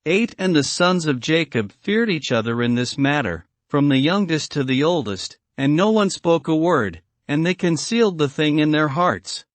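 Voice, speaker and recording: A man's voice: fairly high pitch, lively intonation, moderate pace, few pauses, no echo. A man reading an old scriptural story aloud in a solemn archaic style, calling out verse numbers. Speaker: narrator.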